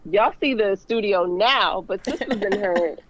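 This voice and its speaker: A woman's voice: mid-range voice, unhurried. A woman fashion designer joining a podcast remotely, speaking earnestly and from the heart, with plenty of "like"s and "um"s. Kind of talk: casual interview chat. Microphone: remote call. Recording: dull, dry remote-call audio.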